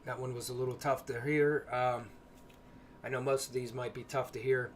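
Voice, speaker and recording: A man hosting a casual livestream, talking softly and hesitantly with frequent pauses and fillers, greeting chat viewers between stretches of explanation. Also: medium pitch, flat delivery, a little hiss or hum. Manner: soft-spoken, hesitant with many ums. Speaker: paranormal livestream host.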